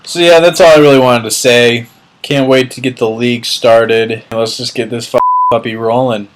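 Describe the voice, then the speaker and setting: A man's voice: mid-range voice, fairly even intonation, normal speed, a little hiss or hum. A young man ranting casually and bluntly, swearing and cutting words off mid-sentence. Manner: blunt, profane, mocking, trailing off mid-word. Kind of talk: casual vlog rant.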